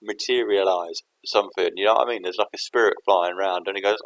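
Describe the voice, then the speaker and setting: A man's voice: on the low side, fast, hardly any pauses, fairly bright tone, low-quality recording. A man thinking aloud to camera in a rambling, self-interrupting way. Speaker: vlogger.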